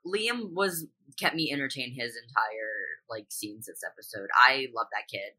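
Low, bright-toned blunt podcast woman. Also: animated, breathy edge. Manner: blunt, quick agreeing remarks. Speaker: podcast co-host. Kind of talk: casual chat.

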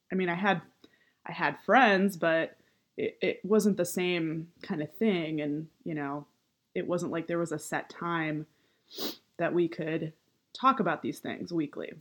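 A woman in her thirties, a writer and activist, talking casually with heavy vocal fry, upward inflection and many fillers. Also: on the low side. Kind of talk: casual monologue.

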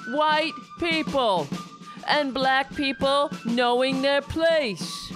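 A woman's voice: high-pitched, huge pitch swings, very slow, music in the background, heavily acted. A woman voicing a blustering, flag-waving American patriot man with a New York accent, in a satirical comedy monologue. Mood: pompous. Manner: shouty, pompous, preachy.

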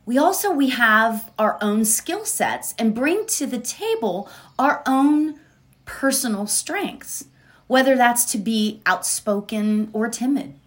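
Woman, very slow, gentle, drawn-out phrasing, inspirational talk, faint room noise. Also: fairly high pitch, expressive. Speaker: spiritual speaker leading a meditation.

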